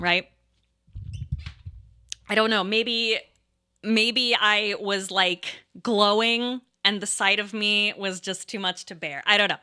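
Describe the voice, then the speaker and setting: A woman in her thirties casually telling a rambling story, pausing and restarting often and breaking into laughs. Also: medium pitch, steady tone, sharp tone, clean tone. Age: 30s. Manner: hesitant, rambling, laughing often, quotes herself and others.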